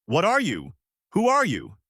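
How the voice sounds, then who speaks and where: A man's voice: mid-range voice, sing-song, moderate pace, fairly bright tone, dry recording, clean studio sound. A man voicing a vain, hot-tempered female pirate captain with a haughty, shrieking manner. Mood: furious.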